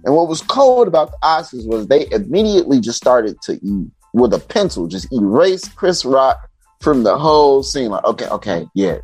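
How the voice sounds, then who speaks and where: A man's voice: mid-range voice, normal speed, breathy edge, no room sound, soft background music. A man from Chicago, a podcast guest, telling stories in casual chat and acting out the people in them. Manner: animated, acts out voices of people in his stories.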